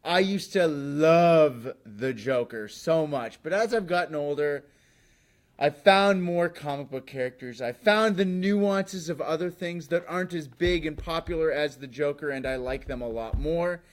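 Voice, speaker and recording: Man, talk show host, high voice, sarcastic, jokey monologue. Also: unhurried. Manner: animated, sarcastic, jokey asides.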